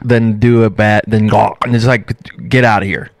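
A man's voice: fairly low pitch, level tone, normal speed, no room sound. Joking male podcast host, dry studio sound. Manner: joking, teasing banter. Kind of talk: casual chat.

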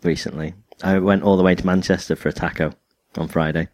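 A man in casual podcast chat with a very low, deep voice. He tells stories wryly and drily, and the sound is close and dead with no room echo. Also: steady tone, brisk, a little mellow. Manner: chatty, wry, storytelling. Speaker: podcast co-host.

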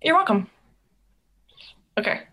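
A young woman hosting a podcast, chatting casually and telling stories with lots of fillers. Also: slow pace. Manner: animated storytelling, many fillers. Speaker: podcast host. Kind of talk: casual chat.

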